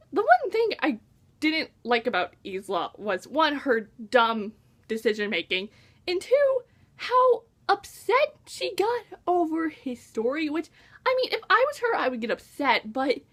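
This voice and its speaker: A woman's voice: high voice, sing-song, slow pace, fairly bright tone. A young woman reviewing a book in a casual vlog, gushing and exasperated, full of exclamations.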